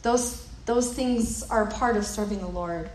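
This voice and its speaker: A woman's voice: on the high side, unhurried, a little mellow. A woman preaching a sermon in a conversational way, often repeating words as she thinks aloud. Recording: roomy echo with faint noise.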